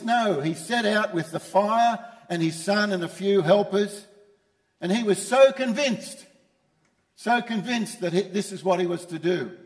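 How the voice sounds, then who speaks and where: A man's voice: sits high, measured pace, big-room sound. A man preaching a sermon as pastor, emphatic and repeating his key phrases. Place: church.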